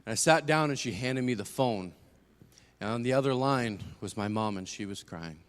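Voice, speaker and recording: A young man tells his life story as a sermon testimony, earnest and steady. He drops to a hush, then presses hard on key lines. His voice sits mid-pitch and trails off in a long church reverb. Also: moderate pace, clean tone. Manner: earnest storytelling, swings from hushed to emphatic. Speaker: guest speaker giving testimony. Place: church sanctuary.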